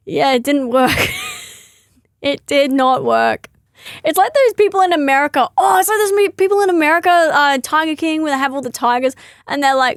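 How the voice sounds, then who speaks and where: A woman's voice: sits high, moderate pace, dry recording, clean studio sound. A young woman comedian rambling through a casual comic monologue, giggling often and correcting herself mid-sentence.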